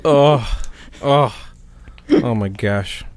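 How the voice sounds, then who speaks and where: A man in casual chat, telling rambling anecdotes in an animated way, with lots of fillers. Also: mid-range voice, drawn-out words.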